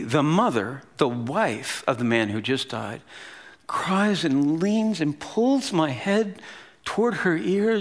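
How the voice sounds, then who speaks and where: A pastor in his fifties giving a sermon, telling a story in a conversational, animated way with casual asides. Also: fairly high pitch, vocal fry.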